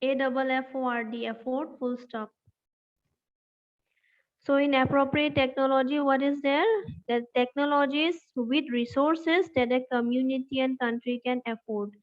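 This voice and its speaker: A woman teaching a health class, dictating notes slowly and spelling words out letter by letter, and asking the class questions. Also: sits high, fairly even intonation. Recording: dull lo-fi recording.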